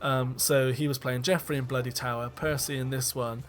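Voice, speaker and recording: A man's voice: mid-range voice, fairly even intonation, moderate pace. A man giving a casual, rambling commentary as a film director, candid and self-deprecating, with frequent ums and restarts.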